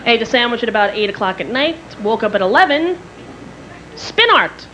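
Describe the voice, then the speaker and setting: A woman in her thirties doing a stand-up comedy routine on a theater stage, telling stories in an animated way and acting out other people. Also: on the high side, normal speed, dull audio, background noise. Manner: animated storytelling, acting out characters. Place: theater stage before a live audience. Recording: 1990s TV broadcast with loud crowd.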